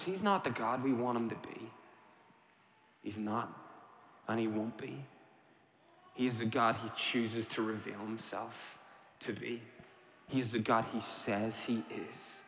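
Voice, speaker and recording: A man's voice: medium pitch, a bit bright, slight background noise. Male pastor delivering an emphatic sermon with rhetorical questions, mid-range voice, recorded with long hall reverb.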